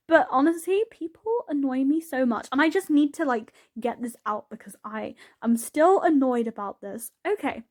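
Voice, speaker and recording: Casting: woman, high bright voice, chatty giggly vlogger narrating over gameplay, rambles and rants. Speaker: YouTuber narrating a game build. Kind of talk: casual voice-over chat over gameplay.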